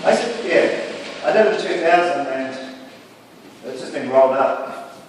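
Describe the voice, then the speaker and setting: A man's voice: mid-range voice, animated, a little slow, far from the mic, background noise. A man giving a casual, rambling floor talk about his artworks in a gallery. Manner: rambling, casual, with many "sort of" and "like" fillers. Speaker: exhibiting artist. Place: gallery, indoors. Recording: echoey gallery picked up from afar.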